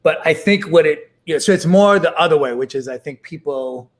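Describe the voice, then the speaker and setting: A middle-aged man talking casually as an interview guest, with many fillers and restarts. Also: fairly high pitch. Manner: halting, full of fillers and restarts.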